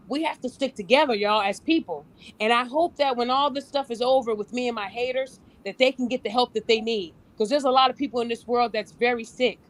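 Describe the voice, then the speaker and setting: A blunt woman hosts a casual podcast and gives relationship advice, with a high, bright voice. She speaks frankly and now and then slips into other people's voices to make her point. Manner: blunt, animated, acts out quoted voices. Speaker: podcast host and relationship coach.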